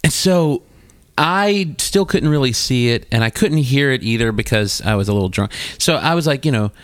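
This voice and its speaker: A man hosting a podcast, his pitch swinging widely as he tells a profane, rambling story. The sound is dry and close, with no room around it. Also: normal speed, no room sound. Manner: animated, profane, jumps into quoted voices. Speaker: podcast host. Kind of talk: crude casual storytelling.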